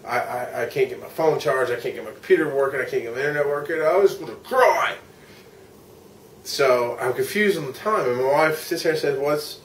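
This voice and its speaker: A man's voice: mid-range voice, slight background noise. A tired middle-aged man from the United States recounting his day in a candid, rambling travel vlog, swearing when frustrated. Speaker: vlogger and podcaster. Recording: roomy echo, mic at a distance, faint ambience.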